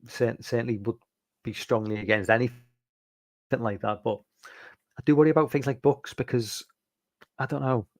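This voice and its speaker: A man's voice: medium pitch, fairly even intonation, normal speed, pauses often, no echo. A man hosting a casual live stream, rambling with lots of fillers and restarts as he answers viewer chat.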